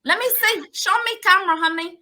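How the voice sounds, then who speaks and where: A woman's voice: extremely high pitch, a little fast, bright, forceful tone, pitched above the performer's own voice, full character voice. A woman putting on the voice of a chatty female nail salon worker who talks in clipped broken phrases and calls everyone honey. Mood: bossy, chatty.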